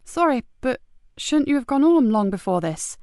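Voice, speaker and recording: A woman voicing a sharp, tough female detective inspector who talks brisk and blunt. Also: sits high, big pitch swings, dry recording, studio quality, pitched above the performer's own voice.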